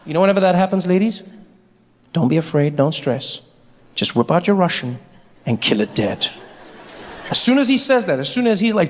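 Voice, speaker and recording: A man doing stand-up comedy, animated and quick to jump into voices, on a stage mic in a large hall. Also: sits high, a little hiss or hum.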